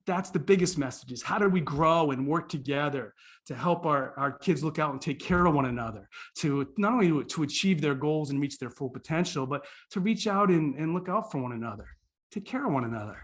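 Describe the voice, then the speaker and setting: A man with a Boston accent, a guest on a podcast interview, who tells stories in an animated way and acts out the characters. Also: on the high side, fairly quick. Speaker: guest speaker.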